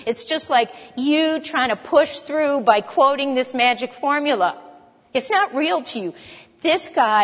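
A woman delivering a sermon with a somewhat high voice. She speaks with emphasis, poses rhetorical questions and repeats phrases for stress. Her voice rings with the long reverb of a hall. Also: lively intonation. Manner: emphatic, rhetorical questions, rapid mock chanting. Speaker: preacher.

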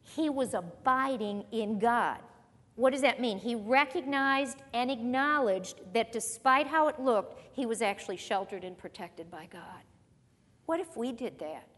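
A woman's voice: a little high, measured pace, fairly bright tone. A woman pastor preaching a sermon, reading scripture aloud and asking emphatic rhetorical questions to her congregation. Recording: long reverb of a large hall.

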